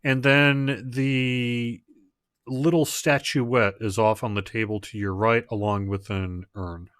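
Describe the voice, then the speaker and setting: A man narrating as game master of an online tabletop game, in a relaxed, halting way. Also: mid-range voice, clean tone, no echo, clean studio sound. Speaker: dungeon master.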